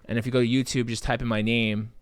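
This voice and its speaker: A man's voice: medium pitch, flat delivery, quick pace, smooth, no room sound. A man hosting a live podcast, chatting casually in a playful, rambling, joking way. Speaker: podcast host.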